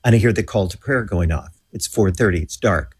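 A man being interviewed as a guest, telling a lively story and acting out the voices of the people in it. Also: sits low, a little fast, breathy edge. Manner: animated storyteller who acts out quoted voices.

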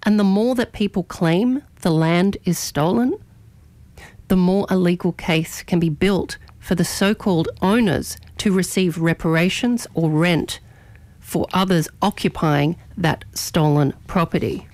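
A woman hosting morning radio, delivering an opinionated editorial in a measured, argumentative way and stressing key words. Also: fairly low pitch, darkish tone, dry recording. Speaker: radio host.

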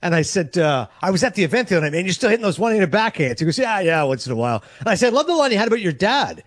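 A sports radio host telling an excited, self-mocking story and acting out each exchange in quoted voices. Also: male voice, high-pitched, no echo. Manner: fast, excitable, self-mocking, acts out dialogue. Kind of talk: animated storytelling on a talk show.

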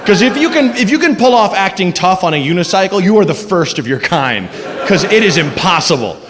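A man doing a stand-up comedy set on a club stage, animated and quick to slip into silly voices. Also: high voice, crowd noise. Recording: live club recording with hall echo and noise.

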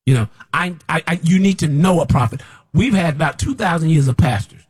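Male preacher, husky, fairly high-pitched, scolding, repeats himself, climbs toward shouts. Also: fairly quick. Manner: scolding, repetitive, rising to near shouts. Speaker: self-described prophet. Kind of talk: preaching monologue.

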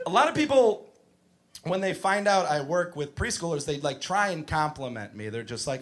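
A man doing stand-up comedy with a fairly high, very lively voice that swings widely in pitch. He rants in an exasperated, profane way, with a punchy, conversational delivery. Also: moderate pace. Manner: animated, profane, exasperated ranting.

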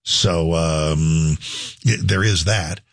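A man's voice: very deep voice, very slow, creaky, no echo, clean studio sound. A middle-aged man hosting a talk show, rambling through a casual monologue with many restarts and asides.

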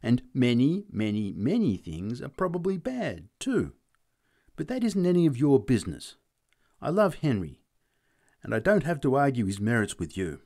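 A man reading a story aloud and voicing a proud, quick-tempered young woman with a raised voice. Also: on the high side, wildly swooping pitch, darkish tone, pitched above the performer's own voice. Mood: indignant.

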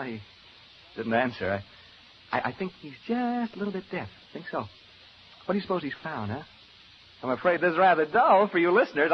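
A jittery male radio announcer , played by a man, rambles and stammers to his listeners, his fairly high voice leaping all over the place. The sound is a dull, lo-fi old radio drama recording with a faint hiss underneath. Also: lightly acted. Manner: nervous, stammering, rambling and chatty. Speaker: radio announcer alone in a haunted house. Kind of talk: 1940s radio drama acting.

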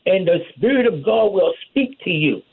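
A man delivers a fervent sermon in a high, husky voice, punctuating his points with amen and hallelujah. The sound is tinny and narrow, like a phone-line radio broadcast. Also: lively intonation, normal speed. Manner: call-and-response preaching, repeats amen and hallelujah. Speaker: preacher.

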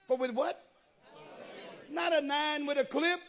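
A male pastor preaching a sermon with call-and-response, building to shouts. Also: extremely high pitch, steady tone, a little slow, pauses often.

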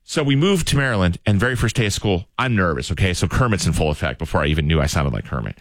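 A man hosting a radio show, chatting casually and telling a story with quick asides. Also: sits low, animated, no room sound, clean studio sound. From Massachusetts.

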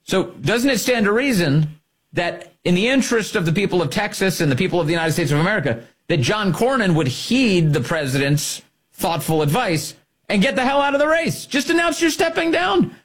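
A man's voice: a little high, big pitch swings, fairly quick, slightly rough. A male host delivering combative political commentary, emphatic and fond of repeating his points for effect.

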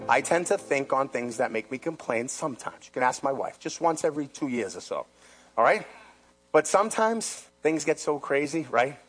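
A male pastor preaching a sermon in an animated, emphatic way, often repeating his phrases. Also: medium pitch, normal speed, faint music behind.

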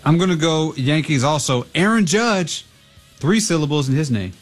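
A man's voice: fairly high pitch, expressive, moderate pace, soft background music. A man chatting as a guest on sports radio, easygoing and agreeable. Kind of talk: casual sports chat.

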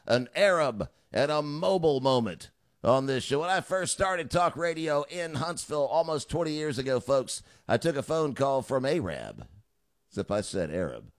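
Male talk radio host, middle-aged, lively pitch, chatty monologue with quips. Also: moderate pace. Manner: chatty, with joking asides.

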